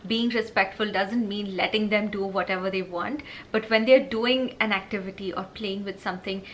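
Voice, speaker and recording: A woman's voice: medium pitch, fairly bright tone, a little hiss or hum. A woman vlogging parenting advice in a casual, earnest, explanatory way, often checking in with "right?". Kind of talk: casual advice talk to camera.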